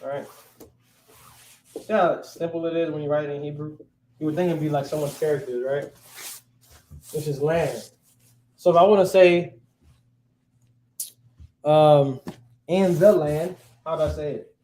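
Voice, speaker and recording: High-voiced casual male teacher. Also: fairly even intonation, measured pace, long pauses, mellow. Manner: casual, keeps checking with "right?". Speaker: language teacher. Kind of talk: classroom teaching.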